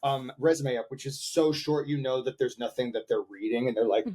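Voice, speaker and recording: A man in a casual podcast chat, telling a story with playful energy. His voice sits in a middle range, and his delivery is lively and animated. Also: mid-range voice, fairly quick. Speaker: podcast co-host, actor.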